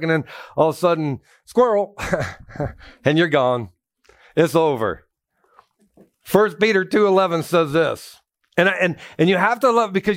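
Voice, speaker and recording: A man's voice: a little high, no room sound, studio quality. A man preaching a conversational sermon in a church, telling personal stories with jokes and calling out to the congregation. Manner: joking, animated storytelling with congregation call-outs. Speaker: pastor.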